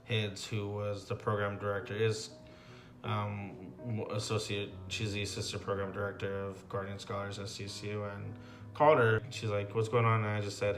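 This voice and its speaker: A young man in his twenties, a graduate student telling his personal story in an interview, speaking haltingly with many pauses and fillers. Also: fairly low pitch. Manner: halting, reflective, with frequent ums and likes.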